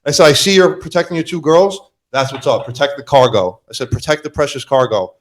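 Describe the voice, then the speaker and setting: A young man hosting a podcast, telling a story with animated energy and loudly acting out what was said. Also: mid-range voice, brisk. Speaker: podcast host. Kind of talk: casual chat.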